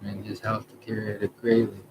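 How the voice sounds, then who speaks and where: Low, flat-voiced man rambling over noise. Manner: halting, trails off, many restarts and self-corrections. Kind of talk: rambling personal monologue. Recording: background noise.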